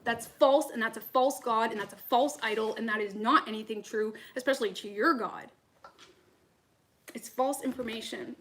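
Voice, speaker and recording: Lady tarot reader going off on a sweary rambling rant, kinda high pitched. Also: steady tone, moderate pace, a bit bright, a little hiss or hum. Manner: heated, profane, rambling rant. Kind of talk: ranting to camera between tarot readings.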